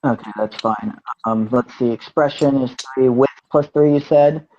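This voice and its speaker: A man's voice: medium pitch, normal speed, a little mellow, lo-fi sound, a little hiss or hum. A man playing a tabletop game, rambling in the first person about what his character does. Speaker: player.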